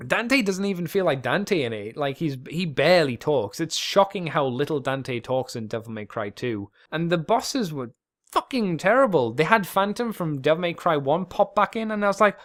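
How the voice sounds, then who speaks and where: A man's voice: fairly high pitch, animated, moderate pace. Man rambling solo on a podcast. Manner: rambling, profane, self-deprecating. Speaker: podcast host.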